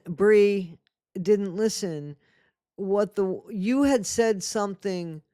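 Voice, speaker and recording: A man's voice: a little high, a little mellow, smooth, no room sound, clean studio sound. A man hosting a commentary channel, reacting indignantly and scolding the people he addresses.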